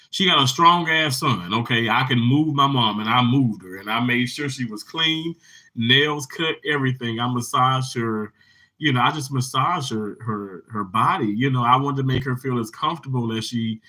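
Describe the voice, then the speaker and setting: A man hosting a casual livestream speaks at a moderate pace in a medium-pitched voice, with low recording quality. He stumbles through a heartfelt story with many restarts, then happily and energetically welcomes commenters.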